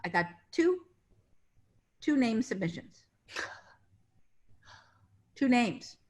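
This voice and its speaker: A woman's voice: fairly high pitch, very animated, very slow, a little mellow. A middle-aged woman, a casting director, telling industry anecdotes in a casual interview over a video call. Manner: chatty anecdotes, acting out quoted voices.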